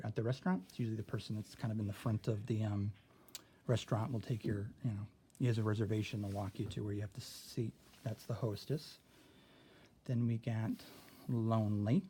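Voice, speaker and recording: Male teacher, warm low-key voice, patient classroom explainer, faint hiss on the recording. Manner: patient, explains step by step, checks in with "okay?". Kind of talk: classroom phonics lesson.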